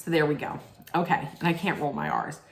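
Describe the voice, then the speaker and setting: A woman's voice: deep voice, big pitch swings, fairly quick. A woman giving a rambling, blunt casual rant as a reality TV recap vlogger, swearing freely. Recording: roomy echo.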